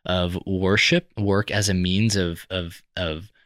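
A man with a very deep voice co-hosting a faith-based podcast. He talks in a thoughtful, measured way and reasons through his ideas aloud. The sound is close-miked and dry. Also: steady tone, a bit bright, clear, resonant tone, dry recording. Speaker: podcast co-host.

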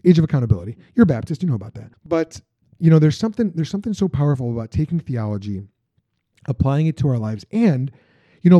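A man hosting a podcast, chatting casually and haltingly, often restarting sentences. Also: medium pitch, warm tone, dry recording. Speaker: podcast host. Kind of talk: casual interview chat. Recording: dull lo-fi sound.

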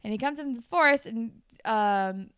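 A woman with a fairly high, smooth, clear voice recaps a TV episode in casual chat. She retells scenes with animation, quoting characters in quick bursts. The sound is dry and close. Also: fairly bright tone, no room sound. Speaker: podcast co-host.

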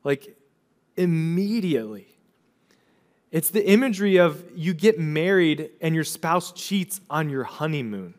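A man's voice: fairly high pitch, lively intonation, measured pace. A male pastor giving a sermon in a casual, conversational way, often acting out the voices of the people in his story.

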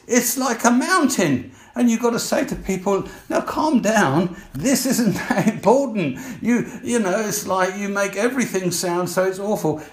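An older man giving an informal sermon, talking conversationally, asking listeners questions and repeating himself. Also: sits high. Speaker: preacher. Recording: echoey room.

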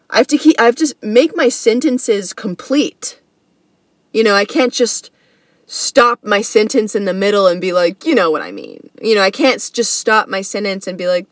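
A woman's voice: mid-range voice, no room sound. A woman hosting a comedy podcast, telling a story in a slangy, earnest, casual way. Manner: slangy and earnest, says bro and dude.

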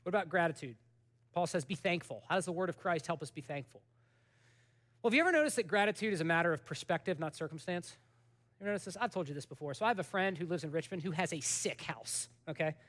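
A man, a pastor in his thirties, preaching in a conversational, animated way, with sudden drops to a soft voice while telling stories. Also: a little high, quick pace. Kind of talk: sermon.

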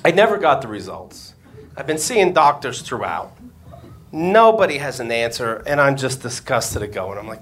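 A man's voice: medium pitch, big pitch swings, moderate pace, a bit bright, slight background noise. A man, a comedian and podcast host, telling a crude story on stage before a live audience and acting out the voices he quotes.

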